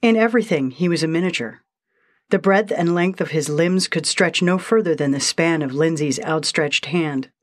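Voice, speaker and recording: A woman narrating a short story in a steady, measured reading style. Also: deep voice.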